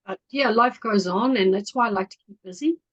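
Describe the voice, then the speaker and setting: A woman in her fifties with a New Zealand accent, talking earnestly in an interview and often trailing off quietly. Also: mid-range voice, fairly quick, muffled recording. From Netherlands, raised in New Zealand. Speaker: guest. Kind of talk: casual interview talk.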